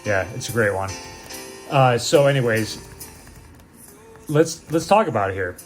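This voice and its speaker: A man, a priest co-hosting a casual podcast, who jokes and teases and cuts in with quick asides, with faint music behind him. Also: mid-range voice, expressive. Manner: joking, teasing, interrupts with quick asides. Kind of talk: casual chat.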